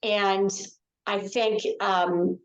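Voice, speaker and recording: A woman's voice: mid-range voice, little pitch movement, drawn-out words, highs cut off. A woman author and confidence speaker talking in a podcast interview, emphatic and given to repeating her key points. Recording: echoey room.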